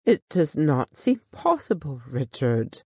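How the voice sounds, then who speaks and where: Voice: medium pitch, very animated, slow, mellow, husky, no room sound, exaggerated voice. A storyteller reading the lines of a kind, loyal businessman who delivers bad news solemnly and with sorrow. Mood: earnest. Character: loyal, kindly businessman, grave partner.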